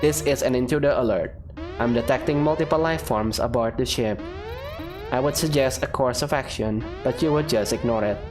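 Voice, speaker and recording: A man's voice: mid-range voice, moderate pace, music in the background, close to an everyday voice. A man reading a sarcastic ship computer. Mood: deadpan. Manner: dry, deadpan sarcasm. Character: sarcastic, gloomy male spaceship AI computer. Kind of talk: reading game dialogue aloud.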